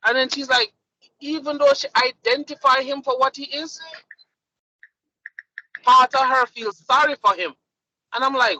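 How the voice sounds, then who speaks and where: A bright-toned man, talking in a dry, close room. He tells stories with animation and acts out quotes, chatting casually as a podcast co-host. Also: very high voice, moderate pace, long pauses, dry recording, rough recording. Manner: animated storytelling with lively voiced quotes. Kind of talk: casual group chat.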